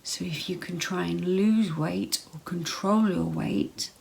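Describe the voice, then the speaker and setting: Gravelly slow-talking woman vlogger. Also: lowish voice, darkish tone, low-quality recording. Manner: chatty, repeats herself, many ums. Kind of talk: casual health advice to camera.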